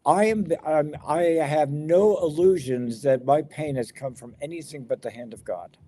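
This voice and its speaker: A man's voice: a little high, moderate pace, mellow. A man leading a verse-by-verse Bible study. He talks conversationally, often paraphrasing the text in the first person, with frequent restarts. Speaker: Bible teacher.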